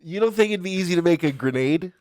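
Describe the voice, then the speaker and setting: A man's voice: high-pitched, animated, fast, darkish tone. A young man co-hosting a comedy podcast, teasing and skeptical in profane banter. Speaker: podcast co-host.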